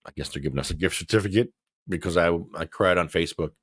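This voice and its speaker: A male show host in casual livestream commentary, talking back to what he reads in an animated way. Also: deep voice, quick pace, husky, dry recording, clean studio sound.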